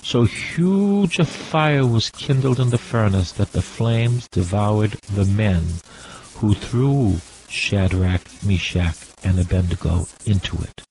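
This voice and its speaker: A man's voice: fairly low pitch, lively intonation, slow pace, a little mellow, low-quality recording. A man preaching a sermon with an impassioned, repetitive cadence, drawing out his words.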